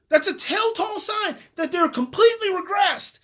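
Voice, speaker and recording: A woman speaking as a parenting coach with a high, bright-sitting voice. She talks emphatically, hammering her points home through repetition. She addresses her listeners directly, as if coaching them through it step by step. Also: moderate pace. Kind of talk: live parenting advice talk.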